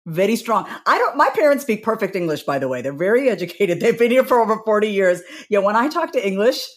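A woman's voice: medium pitch, very animated, quick pace. A woman with a New York accent, a podcast guest who talks candidly and animatedly and laughs often. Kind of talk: podcast conversation.

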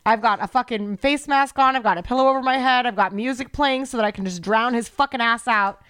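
A woman's voice: a little high, a little fast, a bit bright, smooth. A woman co-hosting a podcast, ranting heatedly and swearing freely in casual chat. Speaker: podcast co-host.

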